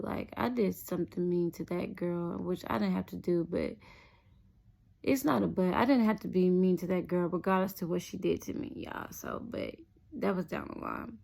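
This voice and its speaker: A woman's voice: mid-range voice, creaky. A young adult woman telling a personal story in a casual, chatty vlog, often addressing her viewers directly. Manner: chatty, animated, keeps addressing viewers as "y'all".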